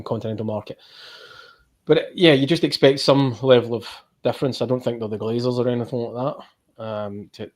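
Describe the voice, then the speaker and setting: Male podcast panelist, mid-pitched, sore throat, jokey and rambling. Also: darkish tone. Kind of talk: casual football podcast chat.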